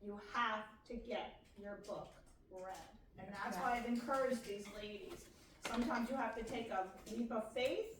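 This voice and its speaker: A woman's voice: fairly high pitch, normal speed, background noise. A woman librarian with a Pennsylvania accent moderating a library author panel, encouraging and enthusiastic. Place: library meeting room. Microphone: far room mic. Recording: echoey room from far off.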